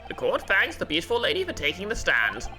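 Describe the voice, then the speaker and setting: A woman's voice: on the low side, wildly swooping pitch, fast. A woman voicing a stern elderly male judge in a game, speaking solemnly and formally over game music.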